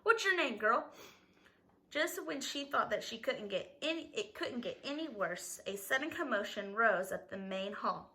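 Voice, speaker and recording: Bright, expressive woman reading aloud. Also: mid-range voice, normal speed, few pauses, low-quality recording. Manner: expressive, some stumbles. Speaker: reader.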